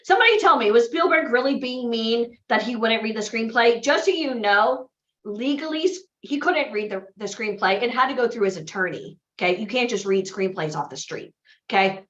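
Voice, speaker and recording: A woman's voice: on the high side, lively intonation, moderate pace, fairly bright tone. A woman coaching aspiring actors and models at a live seminar, telling stories and checking in with "right?". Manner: chatty storyteller, often adds "right?". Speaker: acting and modeling bootcamp coach. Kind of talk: motivational seminar talk to a live group. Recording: echoey, slightly dull room recording.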